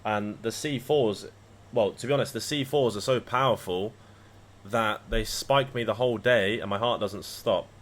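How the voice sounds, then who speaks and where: A man's voice: lowish voice, moderate pace. A man chatting casually on a livestream, rambling and swearing freely as he talks to his viewers. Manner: rambling, profane banter. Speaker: live trading streamer.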